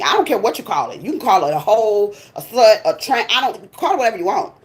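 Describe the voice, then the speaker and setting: A blunt, sassy woman delivers a profane, fired-up rant straight to her viewers. Her voice sits on the high side, and she sounds like a tarot channel host talking casually to camera. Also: sing-song, quick pace, hardly any pauses. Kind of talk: casual ranting monologue.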